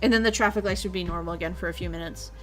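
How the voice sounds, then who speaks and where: A woman's voice: fairly low pitch, steady tone, rapid-fire. A young woman streamer chatting casually, rambling along and swearing freely. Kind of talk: casual chat.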